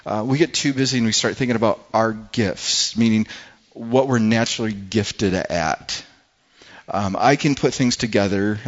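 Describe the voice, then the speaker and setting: A man's voice: fairly low pitch, muffled recording. A man preaching a sermon as pastor in a church, earnest and often repeating his words as he restarts. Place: church hall with congregation.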